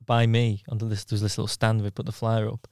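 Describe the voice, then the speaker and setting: A man's voice: lowish voice, completely flat delivery, fast talker, darkish tone, clear, resonant tone, no room sound, studio quality. A man from the Wirral, a podcast guest, telling rambling anecdotes in casual chat. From the Wirral, England. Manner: rambling anecdotal storyteller with restarts.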